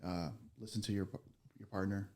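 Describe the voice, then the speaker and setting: A man hosting a casual interview, relaxed and rambling, with a chuckle now and then. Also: low voice, normal speed, slight background noise. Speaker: podcast host.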